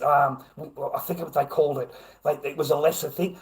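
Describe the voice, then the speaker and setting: A man's voice: mid-range voice, fairly quick, breathy edge. An Australian man on a livestream, ranting heatedly, swearing constantly and repeating himself. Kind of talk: angry livestream rant.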